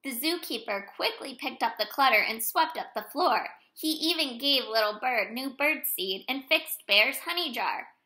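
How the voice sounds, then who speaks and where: A woman reading a picture book aloud to small children in a lively, animated way. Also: sits high, moderate pace, few pauses, rough recording. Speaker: storyteller for children.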